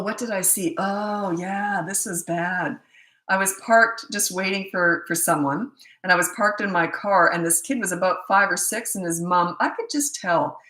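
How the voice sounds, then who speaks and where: A woman's voice: mid-range voice, sharp tone. Chatty middle-aged woman in a roomy space. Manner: chatty storyteller who acts out quoted remarks. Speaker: parenting coach and show host. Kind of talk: casual live Q&A chat. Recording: roomy echo.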